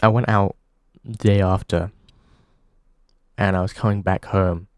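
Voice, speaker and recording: A man hosting a comedy show, delivering a halting deadpan monologue full of pauses. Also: sits low, smooth, no room sound, studio quality.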